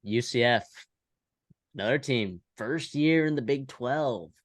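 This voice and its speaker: A man co-hosting a sports podcast, casually and briskly leading into each new topic. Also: medium pitch, dry recording. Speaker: podcast co-host.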